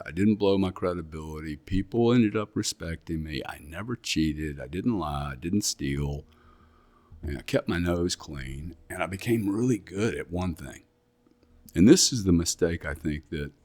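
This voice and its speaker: Middle-aged English man, very low voice, blunt and emphatic, guest in a casual interview. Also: a little mellow. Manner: blunt, emphatic, repeats himself.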